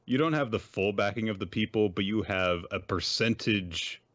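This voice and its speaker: Low-voiced guy hosting a podcast, rambly, lots of uhs, dry dull mic sound. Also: a bit bright, no room sound. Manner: rambling, many fillers and restarts, measured. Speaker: podcast host. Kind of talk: casual chat and series summary.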